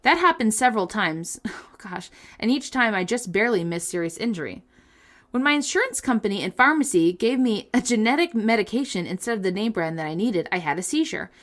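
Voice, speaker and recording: A woman's voice: medium pitch, animated, fairly quick, a bit bright. A woman co-hosting a casual podcast, reading listener stories aloud with playful comic asides and frequent laughter.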